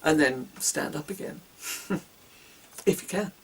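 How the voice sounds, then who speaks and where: A woman's voice: low voice, slow pace, far from the mic, poor audio. A woman giving a casual singing lesson, demonstrating breathing exercises with whoops, grunts and hisses. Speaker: singing teacher.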